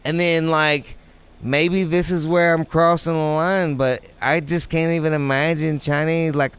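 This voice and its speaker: A man's voice: on the high side, flat delivery, a little slow, fairly bright tone, slight background noise. A man hosting a live talk show, rambling and profane in casual chat. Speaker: radio show host.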